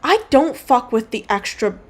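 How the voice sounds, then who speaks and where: A young woman talks her way through a drawing on stream, rambling and poking fun at herself. Her voice sits a little high and jumps around a lot in pitch. A faint background hum runs under the talk. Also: very animated, unhurried. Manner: rambling, self-deprecating, breaks into silly voices. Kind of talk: casual drawing stream chatter.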